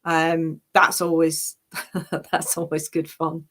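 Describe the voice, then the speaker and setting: Chatty English actress, a touch low. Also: female voice, flat delivery, takes it slowly, a bit bright. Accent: English, near-London neutral. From Yorkshire, England. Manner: chatty, laughs often, many fillers and restarts. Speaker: actress and online parody creator. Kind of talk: casual interview chat.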